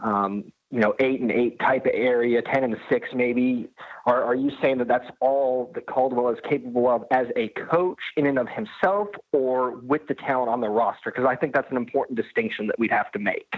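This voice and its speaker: A man calls into a live sports show and asks his question haltingly, restarting his sentences often. He sounds tinny, as if through a phone line. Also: mid-range voice, slightly rough. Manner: hesitant, many restarts. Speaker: caller. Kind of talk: call-in question.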